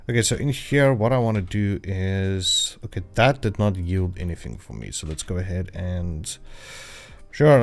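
A man with a fairly low voice talks casually through a game livestream. He rambles, loses his thread, and corrects himself often. Faint background music plays under his voice. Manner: rambling, chatty, with frequent fillers and self-corrections. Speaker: livestreaming gamer. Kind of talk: casual gameplay livestream chat. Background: royalty-free background music.

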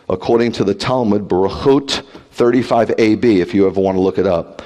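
A man preaching as a rabbi, blunt and animated, peppering the congregation with rhetorical questions and teasing jabs. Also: fairly low pitch. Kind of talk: livestreamed sermon. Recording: long hall reverb.

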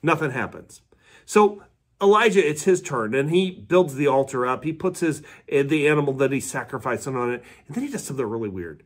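A man's voice: medium pitch, animated, brisk. A man, a pastor, giving a midweek devotional sermon in a conversational storytelling way and asking his listeners questions.

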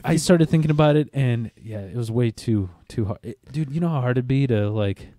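A man hosting a podcast in casual chat, rambling and halting with many restarts. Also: medium pitch, warm tone, dry recording, clean studio sound. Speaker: podcast host.

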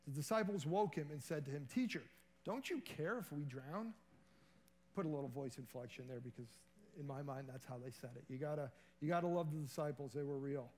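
A man's voice: mid-range voice, quick pace, a little mellow. A man giving a sermon as a guest preacher in a church, earnest and conversational.

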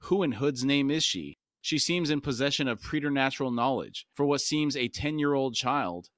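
A man reading aloud from a fantasy novel, voicing a veteran one-armed army commander in a measured, practical way. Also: mid-range voice, lively intonation, a bit bright, dry recording, clean studio sound, lightly acted.

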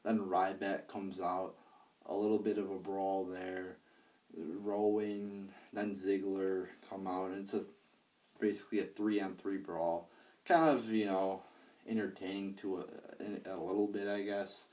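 Low, dark-voiced man rambling a wrestling review. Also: flat delivery, measured pace, far from the mic. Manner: rambling, profane, many fillers and restarts. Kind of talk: casual spoken review. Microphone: handheld iPad.

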